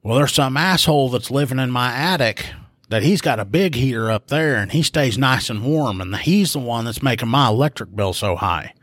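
A man putting on the voice of a drunk, complaining woman caller while retelling a phone call, pushing his voice higher. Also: animated, moderate pace, fairly bright tone, dry recording, studio quality. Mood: aggrieved. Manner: complaining, indignant.

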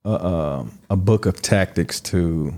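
A man's voice: low-pitched, slow, a little mellow. A man co-hosting a podcast, chatting casually and reacting to his co-host's stories. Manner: reactive listener, short interjections. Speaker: podcast co-host. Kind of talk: casual chat.

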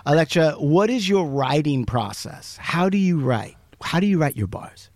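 A man's voice: a little high, expressive, moderate pace, no room sound. A man hosting a podcast, asking a guest eager, upbeat questions in a studio. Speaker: podcast host. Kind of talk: casual interview questions.

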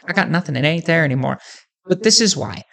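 A male podcast host chats casually and rambles, jokes and fills his talk with "like". His voice sits fairly high for a man. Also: animated, fast, gravelly, fairly bright tone. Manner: rambling, joking, many fillers.

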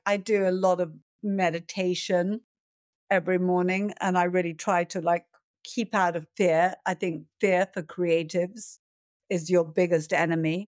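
A middle-aged woman, a film producer, answering interview questions in a calm, reflective way, sometimes acting out a panicked voice. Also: on the low side, no echo, studio quality. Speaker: film producer and director, guest.

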